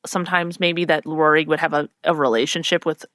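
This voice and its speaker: A woman's voice: deep voice, level tone, fairly quick, fairly bright tone, no echo, clean studio sound. A woman co-hosting a podcast, chatting casually and agreeably about a TV episode with lots of filler words. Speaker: podcast co-host. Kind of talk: casual chat recapping an episode.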